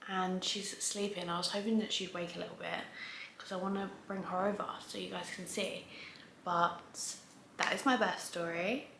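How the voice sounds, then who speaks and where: A woman's voice: fairly low pitch, fairly even intonation, normal speed, gravelly, noisy background. A woman vlogger telling a long story to the camera at home, chatty and rambling, often stopping to restart a sentence. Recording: roomy echo.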